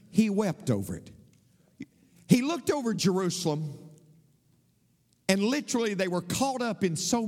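A man preaching a sermon as pastor, passionate, dropping to low murmurs and climbing to high cries. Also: darkish tone. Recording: long hall reverb.

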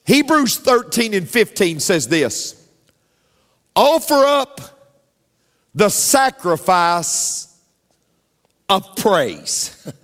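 A male pastor preaches in a high, sweeping voice that climbs and plunges through each phrase. He takes his time, repeating key lines and sinking to near-whispers to drive them home. The sound rings with the long reverb of a large church sanctuary. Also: fairly bright tone. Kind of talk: preaching a sermon.

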